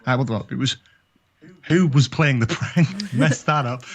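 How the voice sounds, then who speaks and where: Young guy reading quiz questions, chatty and laughy, middle pitch. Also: unhurried. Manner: chatty, laughs between lines, reads questions casually. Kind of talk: casual livestream chat.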